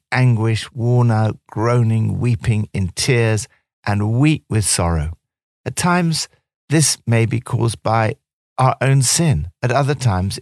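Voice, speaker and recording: A man presenting scripted devotional commentary in a gentle, earnest, encouraging way. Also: lowish voice, no echo, clean studio sound.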